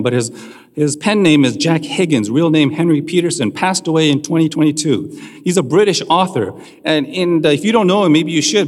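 Pastor preaching in a reverberant hall. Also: male voice, high-pitched. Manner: conversational preaching, asks the audience questions. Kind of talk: sermon.

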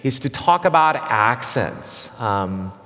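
A man preaching a sermon, earnest and measured and given to brief pauses and restarts. His mid-range voice rings out with a long reverb, as in a large sanctuary. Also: mid-range voice, animated, a bit bright. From immigrant who came to the US at nine. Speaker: pastor. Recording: hall reverb.

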